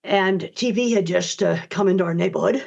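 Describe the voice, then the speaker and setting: A woman's voice: medium pitch, a little fast, vocal fry, a little mellow. An older woman answering interview questions in a blunt, emphatic, direct way. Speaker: guest author. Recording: dull lo-fi audio.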